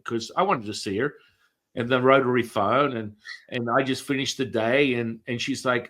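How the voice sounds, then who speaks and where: A man telling a lively story as a podcast guest, talking casually, swearing, repeating words and restarting sentences often. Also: mid-range voice, normal speed.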